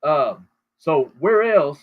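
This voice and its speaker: A man's voice: fairly high pitch, animated, takes it slowly, phone-quality sound. A man hosting a show, ranting crudely and rambling with heavy swearing over call audio. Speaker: show host. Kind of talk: profane casual rant.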